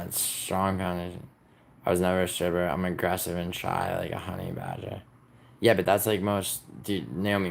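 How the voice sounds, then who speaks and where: A man's voice: deep voice, gravelly. A young man from the United States hosting a casual livestream, rambling and teasing his viewers as he reads comments aloud. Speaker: livestream host.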